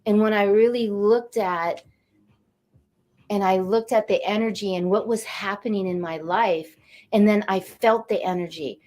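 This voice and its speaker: A woman in her late fifties, a guest on a talk show, telling her life story in an animated, emotional way. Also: mid-range voice, unhurried. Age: 50s. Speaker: guest, energy coach. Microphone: studio or video call mic.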